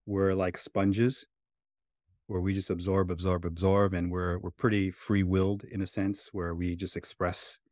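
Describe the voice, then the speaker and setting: A man's voice: deep voice, little pitch movement, unhurried, darkish tone, dry recording, studio quality. A man co-hosting a podcast, telling a childhood story in a reflective, casual way, full of "right?" and "you know". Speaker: podcast co-host.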